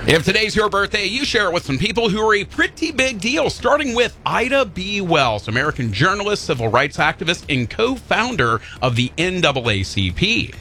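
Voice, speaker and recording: A man's voice: high-pitched, big pitch swings, brisk, hardly any pauses, sharp tone, slight background noise. A man co-hosting a radio show in casual banter, upbeat and jokey as he reads out birthday lists.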